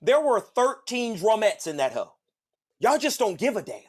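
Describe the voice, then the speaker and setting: A man tells a rambling story on his podcast. His pitch swings all over the place, and he curses freely as he jumps between voices. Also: moderate pace. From Southern United States. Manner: animated, profane, acts out other voices. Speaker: podcast host. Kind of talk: casual storytelling monologue.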